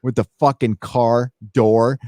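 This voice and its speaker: Slow and flat in delivery yet emphatic in manner, a medium-pitched man with a warm tone hosts a livestream, reading donations while he rants casually, swearing freely and using many fillers. The recording is dry and of studio quality.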